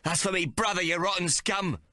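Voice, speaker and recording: A cocky young card sharp with a raised, lively voice and rough colloquial talk, as a man reads him in an audiobook. The sound is close and dry. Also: fairly high pitch, moderate pace, no echo, pitched above the performer's own voice. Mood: defiant. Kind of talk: audiobook character voice.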